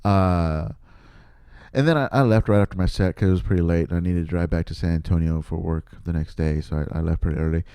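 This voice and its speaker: A man's voice: deep voice, fairly even intonation, fast talker, warm tone, clear, resonant tone, no room sound. A man, a podcast host and comedian, telling a rambling story casually, laughing often and poking fun at himself.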